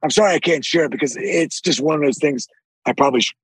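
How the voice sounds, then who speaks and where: A man with a deep, raspy voice, telling animated stories with frequent swearing as a podcast guest. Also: fast, dry recording, low-quality recording. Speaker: actor guest. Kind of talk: casual podcast interview.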